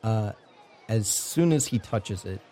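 A man running a tabletop game as game master, narrating in a relaxed way with frequent filler words. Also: fairly low pitch, slow pace, soft background music, some chatter behind.

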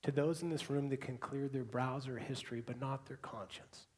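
A man preaching a sermon to a congregation in a church hall, moving between hushed, quiet repetitions and loud, emphatic bursts. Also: medium pitch, steady tone, normal speed. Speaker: pastor.

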